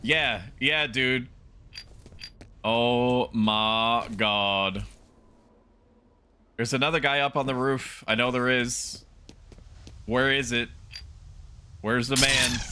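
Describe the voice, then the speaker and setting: A young male streamer talks casually over a horror shooter in a bright, forward voice at a middle pitch. He rambles in quick asides and jumps into loud, disbelieving yelps when the game turns on him. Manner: excitable, chatty, bursts into loud disbelieving yelps.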